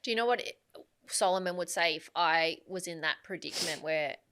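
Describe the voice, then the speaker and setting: A woman's voice: on the low side, brisk, a bit bright, clean tone. A woman co-hosting a podcast, chatting casually and offering brief supportive remarks. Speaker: podcast co-host. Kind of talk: casual chat.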